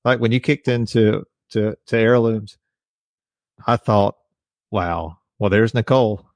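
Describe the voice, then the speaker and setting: A man's voice: fairly low pitch, little pitch movement, measured pace, no echo. A man interviewing casually, speaking candidly and calling himself hypercritical. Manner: candid, rambling, self-described hypercritical.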